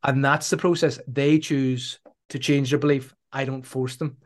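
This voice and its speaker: Calm, deliberate male therapist. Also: mid-range voice. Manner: calm, deliberate, reflects the other person's words back. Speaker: sport psychology trainer and therapist. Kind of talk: measured explanatory interview talk.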